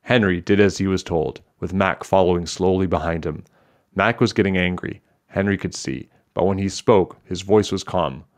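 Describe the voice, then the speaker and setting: Man, deep voice, reading a children's book aloud, steady, clear. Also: moderate pace. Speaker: storybook reader.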